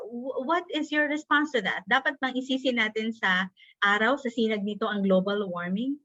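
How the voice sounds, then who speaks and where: Bright-voiced Filipino woman hosting a webinar. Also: on the high side, moderate pace, no echo, lo-fi sound. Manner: polite, uses respectful "po" and fillers. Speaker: webinar host. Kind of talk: webinar moderation, mixing English and Tagalog. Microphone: video call.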